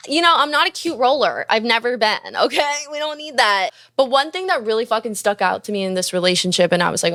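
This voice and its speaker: This young woman, who is both a musician and a podcast host, speaks a little fast in a mid-range voice. She tells a story casually with frequent swearing and animated impressions of quoted speech, recorded at studio quality without echo.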